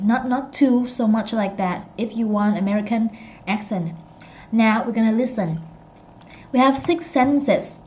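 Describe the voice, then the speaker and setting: A woman teaching an English pronunciation lesson, repeating phrases slowly and correcting herself as she goes. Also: medium pitch, a little mellow, a little hiss or hum, poor audio.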